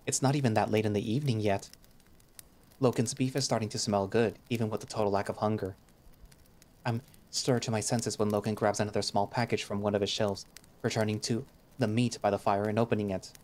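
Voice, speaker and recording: A man's voice: on the low side, fairly even intonation, brisk, darkish tone. A man giving first-person, reflective narration of a visual novel.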